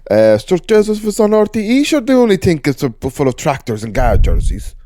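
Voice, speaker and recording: A man's voice: a little high, very animated, a little fast, mellow, dry recording, clean studio sound, pitched above the performer's own voice. A man putting on a rural Irish accent to play a chatty countryman. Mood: joking.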